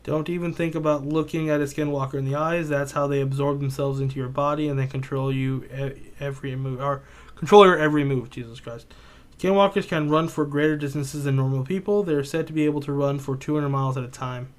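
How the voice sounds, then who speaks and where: Rambling, monotone male podcast co-host. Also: fairly high pitch, brisk. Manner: rambling retelling, heavy swearing, filler words. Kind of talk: casual chat.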